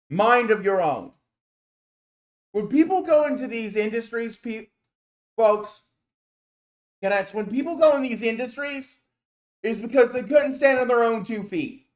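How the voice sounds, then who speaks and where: During a livestream, a male VTuber slowly and emphatically vents his anger, swearing and calling someone out by name. He sounds very high-pitched and animated.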